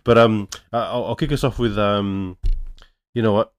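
A man, hosting a casual podcast chat in a relaxed, slightly hesitant way. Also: lowish voice, normal speed, smooth. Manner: relaxed, hesitant, uses fillers. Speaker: podcast host.

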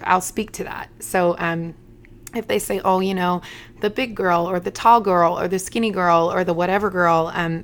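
Frank, lower-pitched woman co-host. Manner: frank, matter-of-fact, steady. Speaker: podcast co-host. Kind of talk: faith-based casual conversation.

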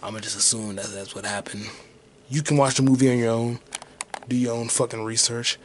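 A man's voice: medium pitch, steady tone, fairly quick, a little hiss or hum. A man hosting his own podcast solo, rambling casually and profanely while muttering to himself as he searches online. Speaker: podcast host.

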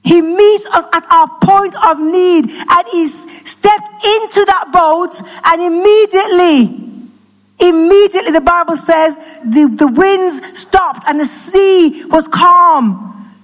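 A woman preaching a passionate sermon that rises to shouts, recorded in an echoey church hall. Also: extremely high pitch, slow pace.

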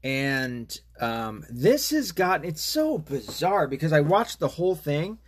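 A man's voice: fairly high pitch, sing-song, a little slow, husky. A man hosting a podcast, talking in a casual, rambling and profane rant. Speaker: podcast host. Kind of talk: casual monologue.

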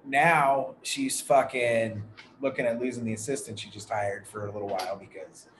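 A man's voice: medium pitch, fairly even intonation, normal speed, fairly bright tone. Swearing guy ranting thru a story, roomy echo, bit of hiss behind. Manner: profane, ranting, frustrated. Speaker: podcast co-host. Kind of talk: casual storytelling chat. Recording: echoey room with faint background noise.

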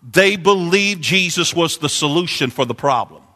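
A man preaching a sermon, impassioned and repetitive, climbing into sung, chanting peaks before dropping low. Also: animated, moderate pace, pushed and bright. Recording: long hall reverb.

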